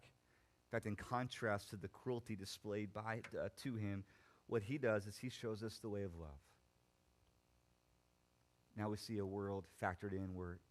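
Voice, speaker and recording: Animated young male pastor preaching. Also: fairly low pitch. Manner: animated preaching, rising loud then dropping quiet. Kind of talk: sermon.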